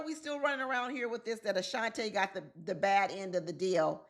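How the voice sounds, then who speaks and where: A woman's voice: medium pitch, steady tone, a little fast. A woman commenting on celebrity news in a casual vlog, talking straight to her viewers and laughing often. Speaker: relationship coach and commentator.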